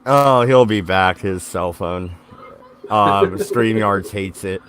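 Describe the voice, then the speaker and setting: A man co-hosting a casual podcast chat, with a wry, deadpan, monotone delivery. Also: fairly low pitch, slow pace, a crowd in the background. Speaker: podcast co-host.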